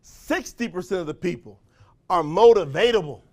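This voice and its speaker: Man, high-pitched motivational trainer working a room, folksy, quizzes the crowd constantly. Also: moderate pace. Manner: energetic, call-and-response questions to the crowd; folksy, slangy phrasing with frequent laughs. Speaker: motivational trainer for a sales company. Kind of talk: motivational speech to a live audience.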